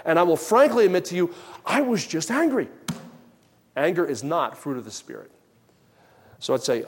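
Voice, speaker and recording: A man's voice: animated, normal speed, long pauses. Man preaching in a reverberant hall. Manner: conversational and anecdotal, drops soft and low when quoting himself. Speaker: pastor. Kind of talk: sermon.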